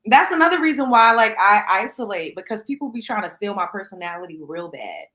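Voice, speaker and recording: Bright-voiced young woman, animated and laughing. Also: medium pitch, brisk, poor audio. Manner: animated, laughs often, swears casually. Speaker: podcast host. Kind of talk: casual chat.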